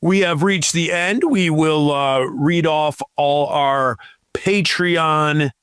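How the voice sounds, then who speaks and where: A man's voice: a little high, fairly even intonation, slow pace, a bit bright, smooth, no room sound. A man co-hosting a casual podcast, reading out listener profiles and adding dry comments. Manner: reads listener profiles aloud with dry asides. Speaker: podcast co-host.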